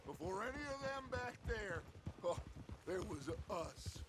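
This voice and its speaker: An actor playing a charismatic, grandiose middle-aged gang leader in a video game, talking in a smooth, theatrical, persuasive way. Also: male voice, high voice, sing-song, a little slow, noisy background. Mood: wistful.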